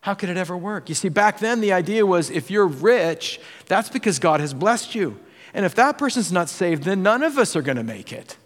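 Male pastor, slightly high voice, dramatic sermon delivery with acted-out quotes, recorded in a reverberant sanctuary. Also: big pitch swings, normal speed. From United States. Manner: dramatic, acts out quoted voices, swings between loud and hushed.

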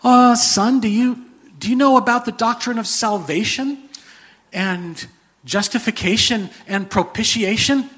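A man doing a flustered, husky angel clerk. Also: extremely high pitch, measured pace, a bit bright, voice pushed up, heavily acted. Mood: puzzled. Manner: fussy, stammering, bureaucratic. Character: flustered male angel clerk at heaven's gate.

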